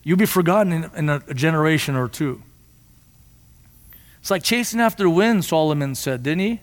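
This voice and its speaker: Impassioned preacher in an echoing hall. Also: male voice, fairly high pitch, animated, a little fast. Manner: impassioned, rising to near shouts. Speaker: pastor. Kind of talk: sermon. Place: church.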